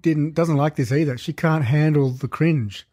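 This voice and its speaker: A man co-hosts a movie podcast in a relaxed, casual way, slipping in dry teasing. His voice is slightly high for a man. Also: moderate pace. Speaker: podcast co-host.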